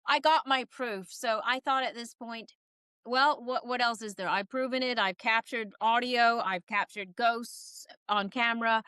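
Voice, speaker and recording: A woman guest, a psychic medium, telling stories in a casual interview and acting out quoted voices with quick laughs. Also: on the high side, bright, forceful tone, smooth, dry recording.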